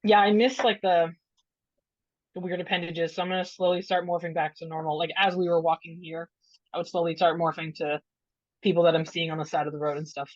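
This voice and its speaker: Brief: woman player, lowish voice, dry and lo-fi, chatty with fillers. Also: flat delivery, brisk, dry recording. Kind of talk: casual tabletop play.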